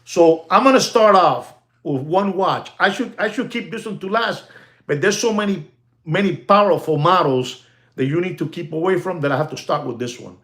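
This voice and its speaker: Emphatic, slightly high-voiced man ranting. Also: lively intonation, normal speed, a bit bright. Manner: emphatic and repetitive, dropping to near-mutters; mixes in Spanish exclamations. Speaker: watch channel host. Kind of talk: live-streamed casual rant.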